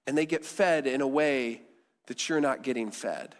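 A man's voice: mid-range voice, normal speed. Man preaching in a reverberant hall. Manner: conversational preaching, with quiet emphatic endings. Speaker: pastor. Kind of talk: sermon.

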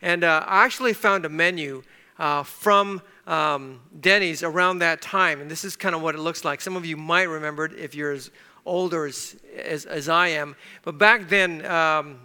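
A man's voice: fairly high pitch, normal speed, pushed and bright, smooth. A middle-aged man preaching a sermon, telling a personal story in a conversational way, with fillers and restarts. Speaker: pastor.

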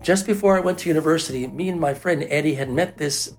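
A man's voice: on the high side, fast. A man telling a personal story in a loose, casual way, with lots of fillers, who acts out the people he quotes. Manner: animated, acts out the quoted voices; loose and rambling, with fillers like "you know".

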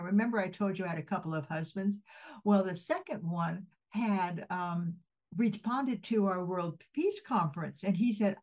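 A woman's voice: lowish voice, a little mellow, low-quality recording. Enthusiastic older woman podcast host. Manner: enthusiastic storytelling. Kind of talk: interview conversation.

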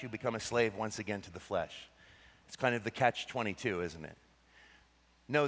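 Preaching man in an echoing hall. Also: medium pitch. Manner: animated preaching, swinging between excited and hushed. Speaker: pastor. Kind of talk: sermon.

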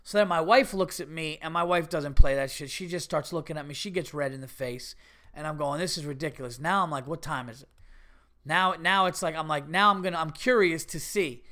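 Animated, cursing male storyteller. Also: on the high side, fairly quick. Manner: animated, swearing, rising to indignant bursts. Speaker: podcast host. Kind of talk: casual storytelling monologue.

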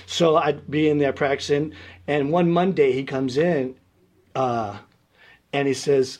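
A husky, slightly high-voiced man from Brooklyn, New York, a guest musician who plays the tuba, tells stories at an unhurried pace in a casual interview. He rambles, stays animated, and acts out other people's voices.

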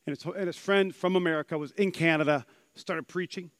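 A man preaching a sermon as pastor, animated and acting out quotes with big swings in loudness. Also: a little high, a little fast, no room sound, studio quality.

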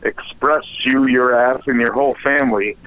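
A man's voice: mid-range voice, fairly even intonation, normal speed, fairly bright tone, clear, resonant tone, natural voice. A man voicing the devil on a phone call, dopey and meandering, nothing like a fiery monster. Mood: menacing. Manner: meandering, folksy threats. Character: dopey, unassuming male devil. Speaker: caller.

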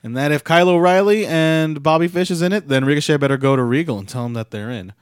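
Young guy podcasting, kinda high voice, rambly and snarky, dead dry sound. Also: fast talker, clear, resonant tone, no echo. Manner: rambling, filler-heavy, sarcastic asides. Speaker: podcast co-host recapping wrestling. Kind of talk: casual chat.

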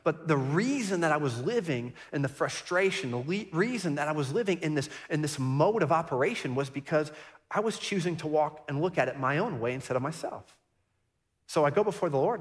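A man's voice: a little high, expressive, a little fast, big-room sound. A middle-aged man, a pastor, preaching a sermon and telling a personal story in an earnest, reflective way, often repeating and restarting his words. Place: church sanctuary.

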